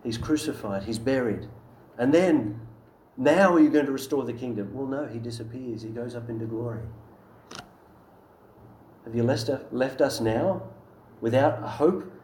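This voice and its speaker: Male preacher, mid-pitched, emphatic and earnest, in a reverberant church room. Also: moderate pace, pauses often, darkish tone, slight background noise. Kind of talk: sermon.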